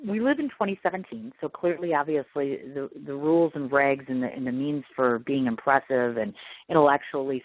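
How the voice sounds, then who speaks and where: Speaking a little fast in a rumbling low voice, a woman from the Midwest hosts a radio interview program. She chats casually in a bubbly, gushing, self-deprecating manner, and the sound is tinny, like phone-line radio.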